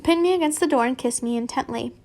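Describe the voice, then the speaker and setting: A woman's voice: high voice, quick pace, darkish tone. A woman casually reading fan fiction aloud, giggling and stumbling over words and correcting herself.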